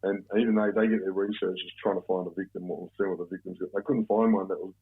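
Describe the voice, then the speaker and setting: An Australian man, a guest on an interview show, telling stories in a relaxed, rambling way and swearing freely. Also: sits low, quick pace, breathy edge. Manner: relaxed, profane, rambling storyteller. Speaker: guest, former bank robber. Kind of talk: casual storytelling interview. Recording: narrow phone-like sound.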